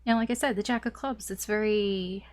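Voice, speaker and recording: This tarot reader is a young woman speaking at a normal pace, her medium voice holding a steady tone. Her casual reading wanders along in a talkative way, peppered with "like" and little laughs, and a cough catches her slightly.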